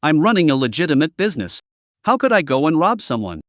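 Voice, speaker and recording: A man's voice: on the high side, big pitch swings, fast talker, fairly bright tone, no echo, studio quality. A man voicing a greedy middle-aged male street vendor who haggles in a pushy, indignant way.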